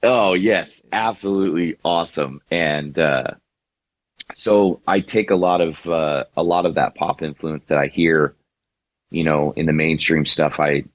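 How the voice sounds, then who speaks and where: A man with a very deep, low voice talks casually as an interview guest. He rambles, restarting his sentences and leaning on fillers. The sound is dry and close, with no room around it. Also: fairly even intonation, measured pace, no echo. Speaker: singer and songwriter, guest.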